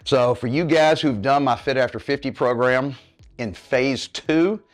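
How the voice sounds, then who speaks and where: A man's voice: mid-range voice, unhurried. Middle-aged guy coaching a home workout, winded, keeps saying okay guys, medium voice. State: out of breath while exercising. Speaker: fitness coach. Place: home living room.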